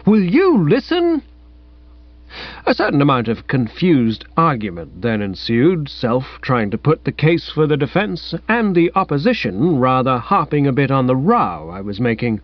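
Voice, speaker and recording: A man's voice: medium pitch, big pitch swings, moderate pace, few pauses. A man narrating a comic story in the first person with an airy, wry manner. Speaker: audiobook narrator. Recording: dull, dry, lo-fi sound.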